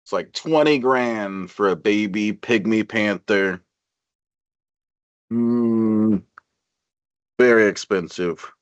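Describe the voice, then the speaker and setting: A man's voice: lowish voice, takes it slowly, pauses often, clear, resonant tone, dry recording, highs cut off. A man rambling on a livestream, drowsy and meandering, trailing off while drinking beer. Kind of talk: rambling stream chat.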